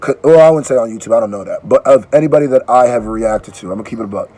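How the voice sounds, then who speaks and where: A man's voice: medium pitch, racing, mellow. A man who is a musician, chatting loosely in slang for a reaction video, groggy from allergy medicine and restarting his sentences. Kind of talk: casual reaction video chat.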